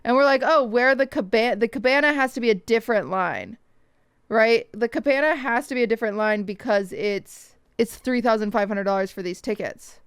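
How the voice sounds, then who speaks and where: A young woman streamer casually telling her viewers a story, swearing freely and quickly mimicking other people's lines. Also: a little high, clear, resonant tone, no echo.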